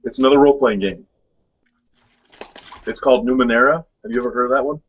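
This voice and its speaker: A man's voice: medium pitch, steady tone, fast talker, breathy edge. A man co-hosting a casual webcast chat, rambling through stories with many fillers and frequent laughs. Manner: rambling storyteller, laughs often. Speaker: co-host. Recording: dull lo-fi webcast audio.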